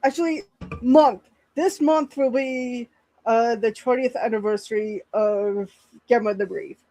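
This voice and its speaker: Woman, stream co-host, slow and halting, many ums, slightly high voice. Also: warm tone, poor audio. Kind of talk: casual livestream chat.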